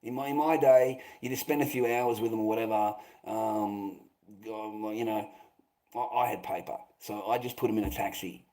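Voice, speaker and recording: A man's voice: fairly low pitch, fairly even intonation, moderate pace, dark tone, poor audio. A middle-aged Australian man telling a rambling anecdote, swearing often and filling gaps with "rah, rah".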